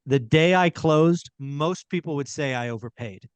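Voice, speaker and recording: A man's voice: fairly high pitch, a little slow, clear, resonant tone, dry recording. A middle-aged man hosting a podcast, talking casually and emphatically and repeating his key points. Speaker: podcast host. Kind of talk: casual real estate chat.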